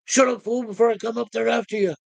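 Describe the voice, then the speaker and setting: Gruff tough guy snapping threats, woman putting it on, pitched up a bit, dry sound. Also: steady tone, fast, dry recording.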